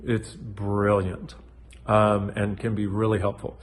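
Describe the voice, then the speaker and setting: A middle-aged man giving a casual motivational talk to camera, playful and animated, wandering off track and swearing now and then. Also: on the low side, slow, slight background noise. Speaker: self-help video host.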